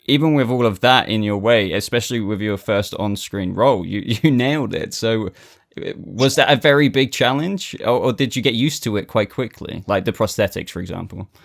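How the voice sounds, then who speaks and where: A man's voice: lowish voice, brisk, vocal fry. A British man hosting an interview, enthusiastic, often stumbling and restarting his sentences. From Britain. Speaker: interview host. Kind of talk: casual interview.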